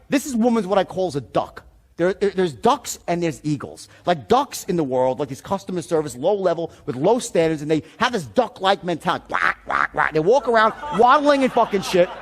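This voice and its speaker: A man telling a story in a seminar talk, animated and profane, often shouting as he acts out the scene. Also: high voice, a little fast. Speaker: sales trainer.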